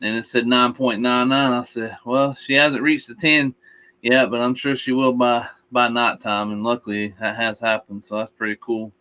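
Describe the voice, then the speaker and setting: A man's voice: medium pitch, flat delivery, moderate pace, sharp tone. A man co-hosting a live stream, talking in an easygoing, rambling way. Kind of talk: casual live stream chat.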